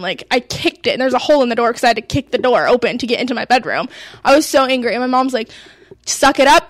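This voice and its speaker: A young woman chats on a talk show, animated and casual as she tells a long story. Her voice sits fairly high, and the recording is dry and close. She keeps acting out what she and others said. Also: dry recording. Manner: animated, quotes herself and others. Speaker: co-host.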